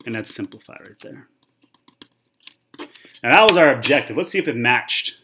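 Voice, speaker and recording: Amid background noise, a math teacher in his thirties walks casually through a whiteboard lesson in an animated, mid-range voice at a moderate pace. He stays chatty, often checking in with "okay" and "right."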